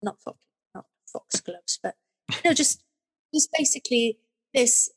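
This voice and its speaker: As a guest on a podcast, a middle-aged woman tells stories in a conversational interview, often restarting and letting her sentences ramble. She sounds animated, with a higher voice, a measured pace, and a breathy edge.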